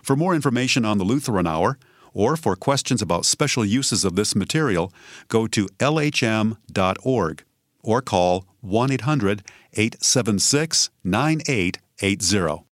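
A male announcer giving a scripted notice in a measured, plain reading. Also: fairly low pitch, expressive, no echo, clean studio sound.

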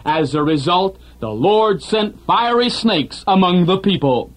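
A man delivering a scripted radio sermon in an earnest, measured preaching manner. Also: high voice, expressive, low-quality recording.

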